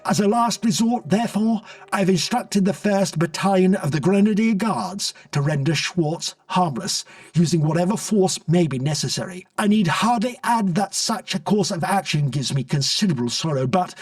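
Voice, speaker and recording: A man voicing a formal, worried male prime minister speaking gravely, recorded dry from a distance. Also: sits high, animated, normal speed, dry recording, voice pushed up.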